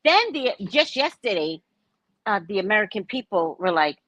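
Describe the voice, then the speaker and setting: A woman hosting a casual livestream, talking in an animated, theatrical way and acting out the people she quotes. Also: medium pitch, moderate pace, no echo. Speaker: psychic livestream host.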